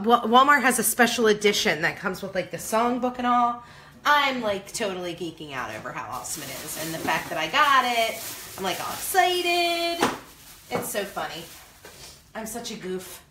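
A woman's voice: fairly high pitch, bright, forceful tone, a little hiss or hum. A woman hosting a crafting livestream, chatting casually and greeting viewers by name in a bubbly, talkative way.

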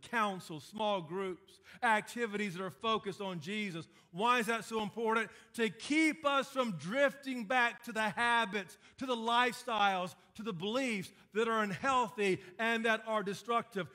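A man's voice: high voice, bright, forceful tone. A man preaching a sermon as pastor, building points through emphatic repetition and dry sarcasm.

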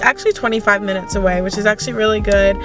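A young woman in college chatting excitedly to her camera in a casual vlog, talking fast with many fillers like "like". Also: medium pitch, over music. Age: young adult. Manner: excitable and gushing, full of "like". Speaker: college student vlogger.

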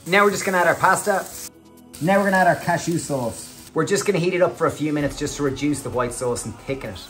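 A man's voice: a little high, fast, a bit bright, roomy sound, faint music behind. A man hosting a cooking show, walking through a recipe step by step in an upbeat, chatty way. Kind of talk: cooking demonstration. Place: kitchen.

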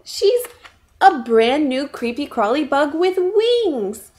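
A woman's voice: high-pitched, big pitch swings, slow, darkish tone, slight background noise. A woman librarian reading a children's storybook aloud at storytime, inviting listeners to chant along.

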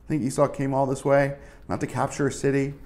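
A man's voice: medium pitch, flat delivery, quick pace, a little mellow. A male pastor giving a casual, conversational sermon, full of asides and fillers.

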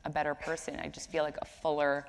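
Woman, stage guest: low voice, easy and sincere, roomy hall echo. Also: monotone, fast, creaky, a little hiss or hum. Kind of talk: onstage interview answers. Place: stage of a live event in a hall. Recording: echoey hall.

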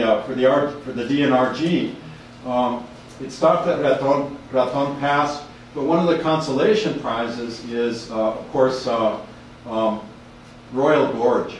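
A man lectures about slides in a loose, halting way, restarting his sentences often. He is picked up from afar in a very echoey room, with faint room noise behind. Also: mid-range voice, far from the mic. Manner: rambling, hesitant, many restarts. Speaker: university professor giving a talk.

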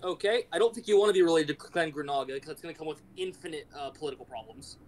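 A man's voice: fairly high pitch, racing, a little mellow, slight background noise, poor audio. A man at a tabletop game, reading out options plainly with uh fillers. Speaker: player. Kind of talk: casual game table chat.

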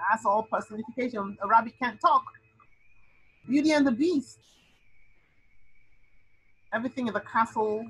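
Woman tutor on a video call, husky, slightly high voice, animated teaching, dry sound. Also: low-quality recording. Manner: lively, animated explaining with sound-word outbursts. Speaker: SAT tutor. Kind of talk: online tutoring lesson.

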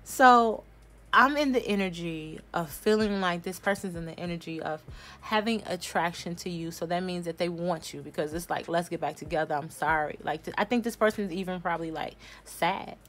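A woman giving a casual tarot reading at home, talking bluntly and forcefully, swearing freely as she addresses viewers directly. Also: lowish voice, fairly quick, faint music behind. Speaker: tarot reader. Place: home room.

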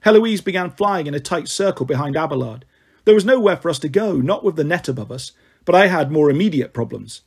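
A man's voice: fairly high pitch, lively intonation, fairly quick, creaky, breathy edge. A man reading a story aloud in the first person, in a wry, dramatic storytelling manner. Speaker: audiobook narrator.

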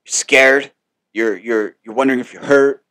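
A male podcast host talks through a casual motivational monologue, rambling and full of swearing. His voice sits at an ordinary middle pitch and lands with blunt emphasis. The sound is dry and close, with no room echo. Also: steady tone, normal speed, pushed and bright, smooth.

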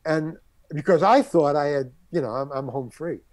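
A man's voice: on the high side, moderate pace, dry recording. An older man, a guest on an interview show, telling a long anecdote and acting out the people in it. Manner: animated storyteller who acts out the people in his story.

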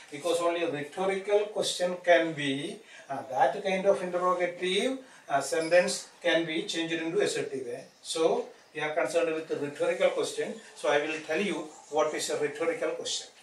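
A man's voice: on the high side, brisk. A man teaching a grammar lesson, explaining patiently and often adding "isn't it?". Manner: explanatory, repeats tag "isn't it?" and fillers. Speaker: English teacher. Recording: echoey room, distant mic, faint noise.

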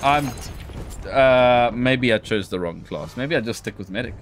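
A man's voice: mid-range voice, animated, unhurried, a little hiss or hum. A man co-hosting a gaming video, bantering, teasing and swearing casually while he plays. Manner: teasing, swearing, self-mocking. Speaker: gaming channel co-host.

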